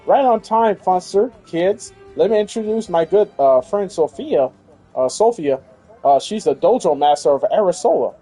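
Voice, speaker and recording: Southern male streamer, husky and a bit high, loose and jokey. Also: animated, normal speed, warm tone, soft background music. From Tennessee, US. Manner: rambling, jokey, many "uh" and "or whatnot". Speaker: game streamer. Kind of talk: casual let's-play chat.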